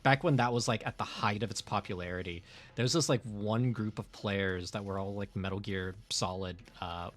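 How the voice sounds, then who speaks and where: A male streamer chats loosely while he draws, rambling along with plenty of fillers and frequent laughter. His voice sits on the lower side. Soft music plays faintly in the background. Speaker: streamer and artist. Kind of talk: casual chat while drawing on stream.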